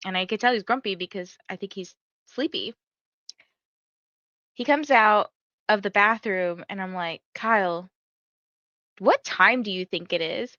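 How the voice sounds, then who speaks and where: A woman's voice: medium pitch, measured pace, long pauses, sharp tone, no room sound, muffled recording. A young woman hosting a reading livestream, telling a story in chatty casual talk full of "like" fillers. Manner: chatty storytelling, many "like" fillers, laughs often. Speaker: livestream host of reading sprints. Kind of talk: casual chat to livestream viewers.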